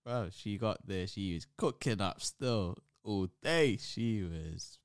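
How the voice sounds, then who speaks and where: Deep-voiced young man, laid-back. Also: expressive, slow pace, clean tone, no echo, clean studio sound. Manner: laid-back, slangy, keeps saying innit. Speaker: podcast host. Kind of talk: casual chat.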